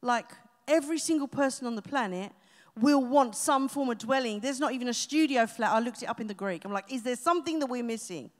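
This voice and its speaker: A woman's voice: fairly high pitch, brisk. A woman pastor, preaching a live sermon with emphasis and humorous asides. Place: church auditorium, live congregation. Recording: reverberant live church hall.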